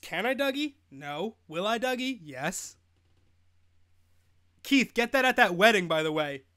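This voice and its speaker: A man's voice: high voice, sing-song, measured pace, pushed and bright. A young man in his twenties hosting a live fantasy football stream, rambling and joking in casual chat, laughing often. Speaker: host.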